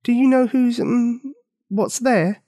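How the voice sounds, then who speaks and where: A man voicing a brave, stubborn young village girl in a storybook reading, high and earnest. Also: fairly even intonation, slow pace, dark tone, no echo, studio quality. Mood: timid.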